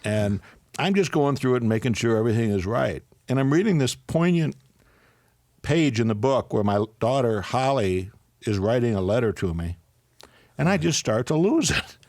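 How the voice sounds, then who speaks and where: A man's voice: mid-range voice, animated, moderate pace, a little mellow, no room sound. Older man, tearful storyteller, close dry voice. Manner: storytelling, voice breaking with tears and laughter. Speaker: guest psychologist and author. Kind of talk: emotional radio interview.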